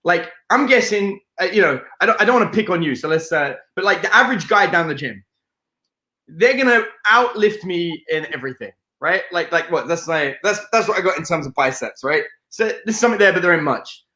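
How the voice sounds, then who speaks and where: A British man, a dating coach, telling stories in a lively interview with a playful, swearing manner, acting out scenes. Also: brisk, echoey room. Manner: playful, swearing, acts out scenes in high put-on voices. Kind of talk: animated interview storytelling.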